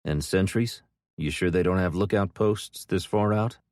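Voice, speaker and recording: A man voicing a gruff army team leader barking brisk orders. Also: sits low, a little mellow, no room sound, clean studio sound, close to an everyday voice. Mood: questioning.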